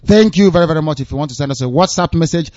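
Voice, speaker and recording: A man's voice: on the high side, racing, darkish tone, no echo. A man hosting a live call-in radio show. He speaks formally, thanks callers again and again and repeats his phrases. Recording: muffled dry radio broadcast.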